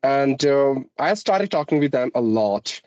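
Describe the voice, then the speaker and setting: Guesting on a conversational interview, this Indian English teacher from YouTube speaks politely and formally, frequently addressing someone as ma'am. His accent blends Indian English with American and British tones. His mid-range voice is animated, unhurried and a little mellow, on a dry, dull recording.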